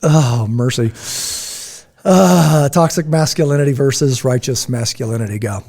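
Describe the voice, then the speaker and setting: A man's voice: medium pitch, normal speed, vocal fry, a little mellow. A man co-hosting a podcast in casual chat, telling stories animatedly, mimicking people and laughing often. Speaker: podcast co-host.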